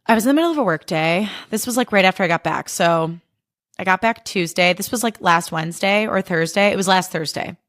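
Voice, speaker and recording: A woman's voice: on the low side, fairly quick, a bit bright, dry recording, clean studio sound. A young adult woman hosting a podcast alone, talking casually, candidly and emotionally, and swearing freely. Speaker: podcast host. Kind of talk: casual solo chat.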